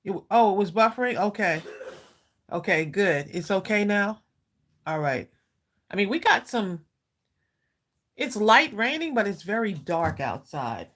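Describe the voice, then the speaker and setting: A woman's voice: medium pitch, sing-song, measured pace, long pauses, fairly bright tone. A woman hosting a live crafting stream, chatting casually with viewers, greeting them by name and saying "y'all" a lot. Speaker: craft livestream host.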